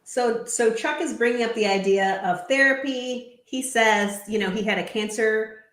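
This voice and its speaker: A woman's voice: a little high, moderate pace, a bit bright. A woman co-hosting a podcast, recapping events in a giggly, chatty storytelling manner. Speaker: podcast co-host. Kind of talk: casual recap chat. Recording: echoey room.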